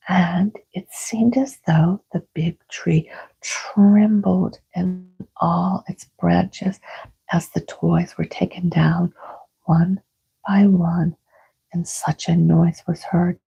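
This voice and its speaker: Slow whispering woman storyteller. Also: fairly low pitch, steady tone, vocal fry, breathy edge. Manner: soft, soothing. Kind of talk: whispered bedtime reading. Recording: dull lo-fi sound.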